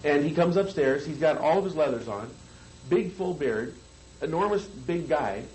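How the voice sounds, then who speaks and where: A man's voice: fairly high pitch, animated, moderate pace, darkish tone, slight background noise, poor audio. Man teaching hypnosis in a casual seminar lecture. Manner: conversational, keeps checking in with the room. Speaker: hypnosis trainer.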